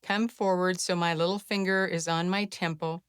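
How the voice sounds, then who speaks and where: A middle-aged woman with a smooth, clear voice set a little low leads a simple calming exercise with gentle encouragement. She drops to a soft hush through the breathing steps. The recording is close and dry. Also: normal speed, no echo. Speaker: wellness practitioner teaching a self-care technique. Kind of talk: guided instruction to camera.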